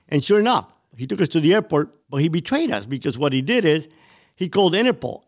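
A man from Cuba telling his life story as an interview guest, intense and vivid. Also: on the high side.

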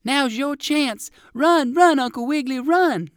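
A woman voicing an excitable little male poodle dog in a storybook, high and bouncy. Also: normal speed, dry recording, clean studio sound. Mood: urgent.

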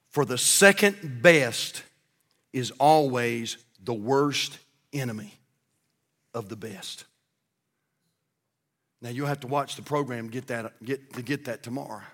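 A man with a Southern American accent, preaching a sermon as pastor, telling jokes with a rising voice and praying in a low tone. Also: fairly bright tone, long reverb tail. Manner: storytelling preacher, voice rising for punchlines and dropping low in prayer. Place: church sanctuary.

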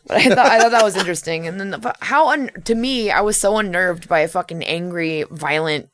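A woman's voice: lowish voice, brisk, slight background noise. A woman co-hosting a casual podcast chat, blunt and swearing freely, laughing often. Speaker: podcast co-host.

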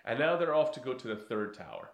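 A man's voice: mid-range voice, very animated, fast talker, vocal fry, echoey room. A man in casual chat recapping a film, laughing often and acting out lines in funny voices.

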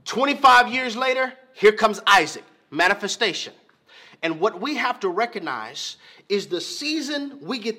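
Lively high-voiced husky male preacher. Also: moderate pace. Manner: emphatic, repeats key lines, asks the congregation. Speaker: pastor. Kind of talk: sermon. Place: church.

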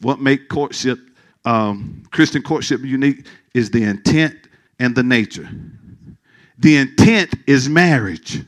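A man preaching a sermon as pastor, animated and joking with the congregation in a church. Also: medium pitch, a little slow. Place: church sanctuary.

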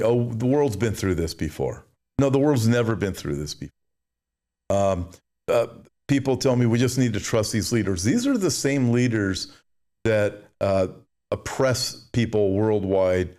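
A man preaching a sermon in a mid-range voice, reading scripture aloud and breaking into emphatic commentary. He talks with mocking asides and stumbles into restarts as he presses his points. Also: a little mellow. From United States. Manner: mimics complainers in a whiny high voice. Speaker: show host.

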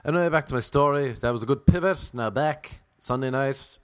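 A man's voice: medium pitch, fairly quick, a bit bright, smooth, no room sound. Brief: Irish man, rambling jokey storyteller, dry close sound. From Ireland. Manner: rambling, self-mocking, jokey asides. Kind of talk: casual comic storytelling.

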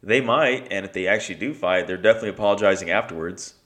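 An easygoing man co-hosting a podcast, chatting casually and swearing now and then. He talks quickly in a fairly low voice. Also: fairly bright tone. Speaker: podcast co-host. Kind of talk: casual chat.

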